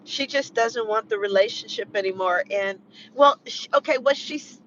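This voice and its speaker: A vlogger in an emotional personal chat, talking in a rambling, halting way, full of "you know" and restarts. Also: mid-range voice, fairly bright tone, slight background noise. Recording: muffled lo-fi recording.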